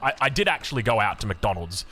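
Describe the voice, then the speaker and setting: Aussie bloke casting a strategy game, talks super quick, keeps restarting his sentences. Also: fairly low pitch, soft background music. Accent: Australian. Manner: excitable, rambling, frequent restarts. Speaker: game caster. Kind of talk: strategy game commentary with personal anecdotes.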